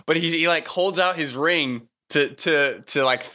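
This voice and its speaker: A man co-hosting a podcast, telling a story in an animated, laughing way. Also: fairly high pitch, a little slow. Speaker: podcast co-host. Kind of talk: casual storytelling chat.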